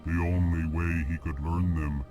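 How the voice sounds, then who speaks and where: An actor playing a huge, emotionless alien diplomat who speaks in a slow, deep monotone and names each emotion before he speaks. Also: over music, lightly acted. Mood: flat monotone.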